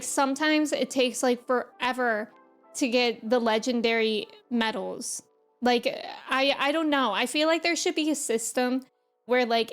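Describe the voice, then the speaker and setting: High-voiced woman chatting on stream. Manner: chatty and rambling, greets viewers, many "like" fillers. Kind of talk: casual live-stream chat.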